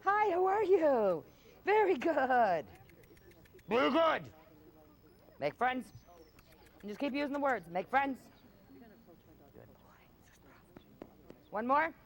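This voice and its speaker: A woman's voice: high voice, sing-song, measured pace, gravelly, long pauses. A woman dog trainer running a hands-on session in an outdoor field, firm and no-nonsense with owners and coaxing with the dog.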